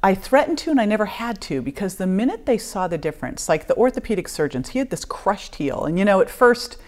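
A middle-aged woman, a podcast guest, telling an emotional personal story in an animated way, acting out dialogue and laughing often. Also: mid-range voice, fast talker.

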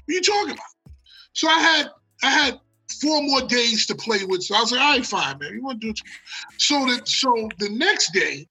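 An American man telling a long story in casual talk. He is animated and profane, and he acts out the quotes. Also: extremely high pitch, brisk, slightly rough, soft background music, poor audio. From United States. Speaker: guest storyteller.

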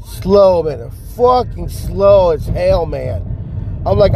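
A man's voice: sits high, animated, slow pace, gravelly, noisy background. A man venting in a profane, repetitive podcast rant, recorded in his car. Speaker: podcast host. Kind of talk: casual ranting monologue.

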